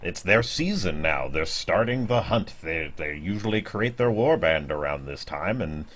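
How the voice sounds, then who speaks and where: A man's voice: low voice, animated, normal speed, a bit bright. A man voicing a dapper, wary middle-aged stranger who speaks cautiously and searches for his words. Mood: uneasy.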